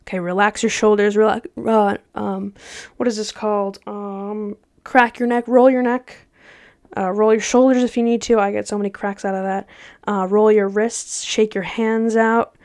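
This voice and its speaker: A woman's voice: mid-range voice, fairly even intonation, moderate pace, a little mellow, no echo, studio quality. A young adult woman hosting a casual solo podcast, chatty and slangy with laughs. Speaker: podcast host.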